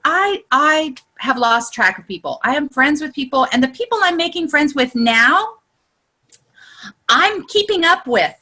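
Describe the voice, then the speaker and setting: A woman with a high, bright voice that swings widely in pitch teaches a group over a video call. She talks in a chatty, exclamatory way, full of "look" and "you know", and her voice shoots up when she gets excited. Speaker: trainer leading an online group session. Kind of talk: casual instructional talk.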